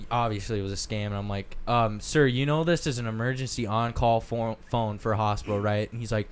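A man's voice: fairly low pitch, a little fast, few pauses, smooth. A young man hosting a casual podcast, telling crude anecdotes and acting out the people in them. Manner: crude, storytelling, acts out quoted callers. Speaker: podcast host.

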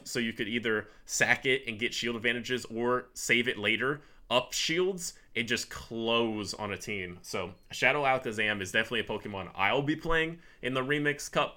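In a sharp-toned, mid-range voice, a man co-hosts a podcast, laughing readily while he goes through his picks. The conversation is casual and animated, centered on ranking them.

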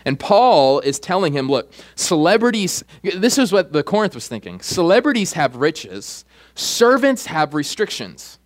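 A young man preaching a sermon as pastor, animated and joking, acting out quoted voices. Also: fairly high pitch. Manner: animated preaching, acts out voices, jokey asides.

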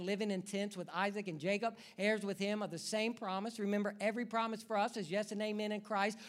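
A high-pitched pastor preaches a sermon, swinging between hushed asides and loud, urgent calls. He often repeats words and puts questions to the congregation.

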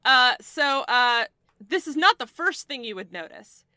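High bright woman running a tabletop game. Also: sing-song, unhurried, no echo, clean studio sound. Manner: descriptive, hesitant with many fillers. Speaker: game master.

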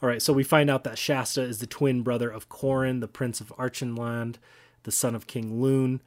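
A man's voice: mid-range voice, little pitch movement, normal speed. A man giving casual, reflective commentary on a book he reads aloud, talking eagerly and restarting his phrases. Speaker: book discussion host.

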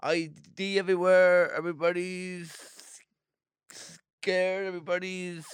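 A man's voice: high-pitched, flat delivery, unhurried, clear, resonant tone, no echo. A man from Canada, a guest comedian, joking dryly in casual chat. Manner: dry, joking.

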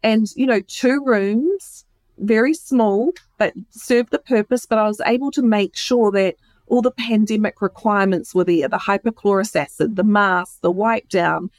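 A woman being interviewed tells her own story in a candid, earnest and heartfelt way, with many restarts. Her voice is mid-range at a normal speed, with no echo.

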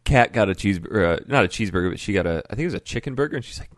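A man's voice: fairly low pitch, animated, rapid-fire, dry recording, clean studio sound. A man hosting a podcast, telling stories in a laid-back way and laughing often. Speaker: podcast host. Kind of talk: casual chat and storytelling.

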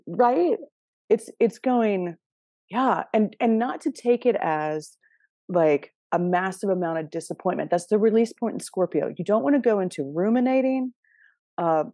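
A woman's voice: medium pitch, moderate pace, warm tone, no echo, studio quality. A woman giving a casual astrology reading, chatty and direct, often checking in with her listeners. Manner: chatty and direct, with frequent laughs and "okay?" check-ins.

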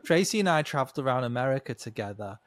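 A man's voice: mid-range voice, expressive, quick pace, no echo. A man hosting a casual interview, rambling and jumping between thoughts. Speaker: interview host.

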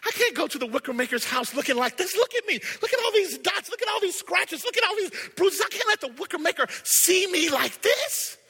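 A man voicing a small, anxious, ashamed wooden boy puppet in a high, strained, pleading voice, in a story told in a sermon. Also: big pitch swings, a little fast, few pauses, pushed and bright, exaggerated voice.

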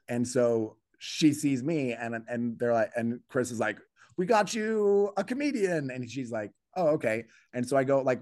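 A man's voice: medium pitch, no room sound, clean studio sound. A man, a comedian, telling a story in a casual podcast conversation, acting out the voices of people in it and restarting his sentences often. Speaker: comedian guest.

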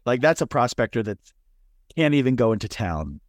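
A man hosting a podcast interview, teasing his guest in a deadpan, mock-serious way. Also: medium pitch, moderate pace, no room sound, clean studio sound. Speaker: podcast host.

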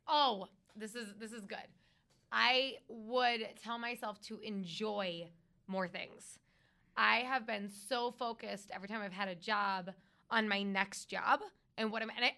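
A woman who works as a radio host, chatting as a guest on a podcast. She talks in an emphatic, animated way, and her voice is bright and crisp. She sounds a little higher than most women. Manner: lively, emphatic, animated storytelling. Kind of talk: casual interview talk.

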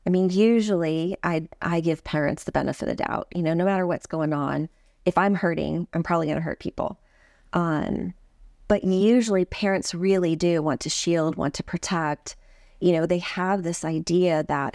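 A woman with a lower voice talks through parenting advice as an interview guest, slipping into little quoted lines a parent might say. The sound is dry and close, with no room around it. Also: normal speed, no echo. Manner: warm, explanatory, acts out parent-child quotes. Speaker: trauma expert guest. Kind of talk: podcast interview.

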